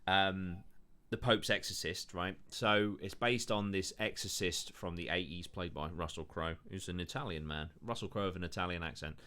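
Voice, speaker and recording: A man's voice: low voice, fairly even intonation, normal speed, sharp tone. A man hosting a podcast in casual, rambling chat, full of swearing and fillers. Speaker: podcast host.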